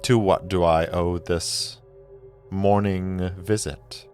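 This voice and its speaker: A man voicing a solemn, guarded woman mage who speaks in measured, terse questions. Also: deep voice, steady tone, darkish tone, faint music behind.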